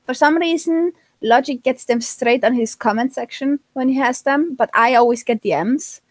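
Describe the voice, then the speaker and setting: A woman's voice: sits high, moderate pace, dry recording. Woman with a mixed, hard-to-place accent. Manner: earnest, speaks in long explanations with restarts. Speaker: guest. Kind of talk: casual live-stream chat.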